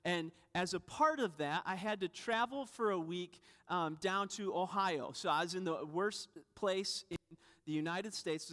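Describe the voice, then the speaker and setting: A man's voice: high voice, a bit bright. A man in his thirties preaching a sermon, telling a personal story with self-deprecating humor and acting out the voices. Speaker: pastor. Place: church sanctuary. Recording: reverberant church hall.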